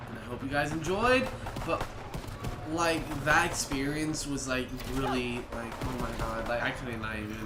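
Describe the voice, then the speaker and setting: A young man telling a rambling storytime vlog and acting out people's lines in quick bursts. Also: mid-range voice, over loud music. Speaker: vlogger. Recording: echoey room, noisy ambience.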